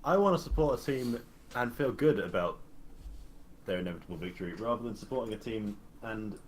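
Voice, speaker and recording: Sardonic low-voiced young man. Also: animated, a little fast. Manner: sardonic, blunt, swears freely. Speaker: podcast co-host. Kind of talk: casual chat.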